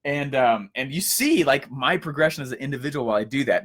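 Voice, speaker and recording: A young man giving a casual coaching lesson, energetic and storytelling, with frequent fillers and restarts. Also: medium pitch, quick pace, few pauses. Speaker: course instructor.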